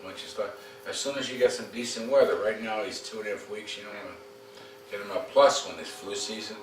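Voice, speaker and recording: A man with a lowish voice gives blunt, coaching advice as a dog trainer. He sounds set back from the mic in an echoey room, with a faint hiss underneath. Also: steady tone, fairly quick. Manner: direct, coaching, repeats "okay?" for emphasis. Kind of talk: casual instruction at a home visit. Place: home room. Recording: roomy, distant camera mic, faint noise.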